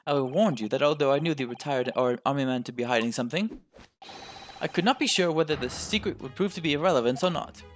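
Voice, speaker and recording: A man's voice: mid-range voice, quick pace, slight background noise, close to an everyday voice. A man voicing a pompous, confident detective in a game, lecturing in formal, old-fashioned phrasing.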